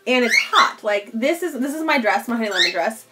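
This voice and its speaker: A woman's voice: fairly high pitch, lively intonation, brisk, background noise. A woman streaming cosplay work from home, chatting casually with viewers and her pet bird, laughing often. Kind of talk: casual live stream chat.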